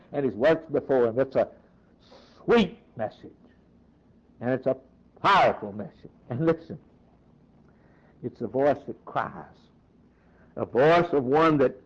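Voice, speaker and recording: A man's voice: mid-range voice, expressive, unhurried, long pauses. Man preaching a sermon, lo-fi. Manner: reads scripture aloud, then preaches in short emphatic phrases. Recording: dull lo-fi recording.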